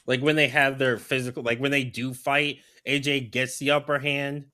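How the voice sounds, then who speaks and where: A man's voice: medium pitch, level tone, normal speed, bright, forceful tone, smooth. A man co-hosting a wrestling podcast, talking casually with frequent restarts and fillers. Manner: hesitant, restarts, many "like"s. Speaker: podcast co-host. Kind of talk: casual chat.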